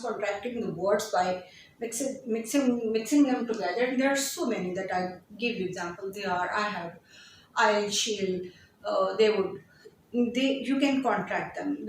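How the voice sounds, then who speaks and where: Woman, English teacher, slow repeated examples, slightly high voice, far from mic, faint room noise. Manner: repeats example sentences slowly, restarts often. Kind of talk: spoken English lesson. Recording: very echoey room, distant from mic.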